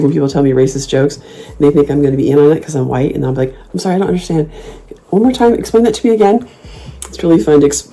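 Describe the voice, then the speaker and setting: Low mellow voiced woman, sassy and animated, laughs a lot, chatty storytelling. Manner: sassy, animated, jumps into loud high-pitched mock comebacks; laughs often, swears casually. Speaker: host. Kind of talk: casual storytelling chat.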